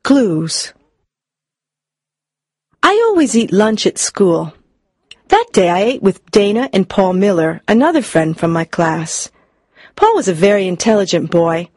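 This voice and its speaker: A woman narrating a storybook reading, expressive and clear for learners. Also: medium pitch, a little slow, pauses often, no room sound, clean studio sound. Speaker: audiobook narrator.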